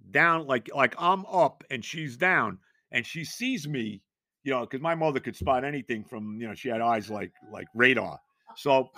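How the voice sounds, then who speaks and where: A podcast host in his sixties tells an animated, meandering story in casual conversation, repeating himself and laughing along the way. His voice is mid-range, and the recording is dry with clean studio sound.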